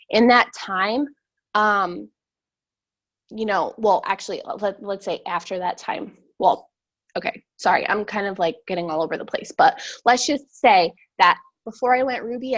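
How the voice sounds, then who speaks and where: A young woman giving a blunt, animated motivational talk to her sales team over a video call, rambling with lots of fillers. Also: mid-range voice, dull audio.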